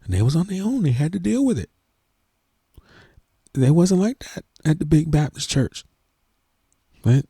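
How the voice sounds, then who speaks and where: Gravelly, dark-voiced middle-aged man. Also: a little high, sing-song, a little slow, pauses often, no echo, clean studio sound. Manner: earnest, preachy, emotional. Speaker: church organist. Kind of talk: heartfelt casual talk to camera.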